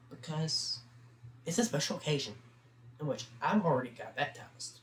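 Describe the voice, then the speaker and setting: A man's voice: on the high side, big pitch swings, moderate pace, fairly bright tone. A teenage boy hosting a livestream, telling a long story in a loose, chatty way full of fillers. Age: teens. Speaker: livestream host. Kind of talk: casual rambling storytelling. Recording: roomy sound with faint background hum.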